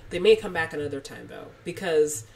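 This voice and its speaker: A woman's voice: low voice, expressive, a little fast, gravelly, darkish tone, distant mic, slight background noise. A woman co-hosting a podcast, chatting casually, agreeing readily and laughing easily. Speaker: podcast co-host. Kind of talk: casual chat.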